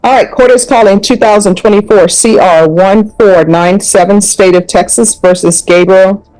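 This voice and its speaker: Stern woman judge presiding in court, firm and lecturing, mid-pitched voice. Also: moderate pace, darkish tone, faint music behind, low-quality recording. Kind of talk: courtroom proceedings.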